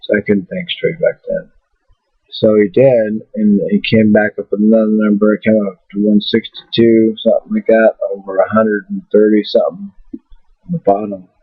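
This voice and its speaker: A man's voice: fairly low pitch, normal speed, breathy edge, dry recording. A man telling a personal story to his webcam in a rambling, blunt way, swearing freely. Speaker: vlogger. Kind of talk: casual storytelling to camera. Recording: tinny phone-like webcam audio.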